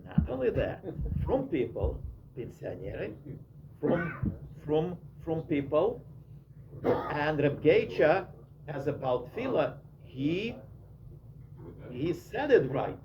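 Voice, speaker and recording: A man with a Russian accent telling stories in a casual talk, halting often and searching for his words. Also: fairly high pitch, big pitch swings, crowd noise. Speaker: speaker telling personal stories. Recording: muffled recording with faint hiss.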